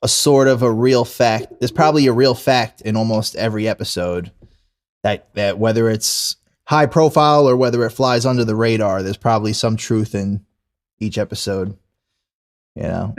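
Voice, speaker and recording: Podcast co-host, man, mid-pitched, crude and easygoing, stumbling restarts. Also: normal speed. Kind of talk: casual chat.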